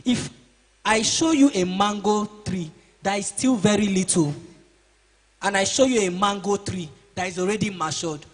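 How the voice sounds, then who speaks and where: A man's voice: high-pitched, moderate pace. A man giving a motivational seminar to boys, preaching, asking the class questions and acting out their excuses. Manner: preachy, asks the audience questions and acts out excuses. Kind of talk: motivational talk to teenagers. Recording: reverberant hall.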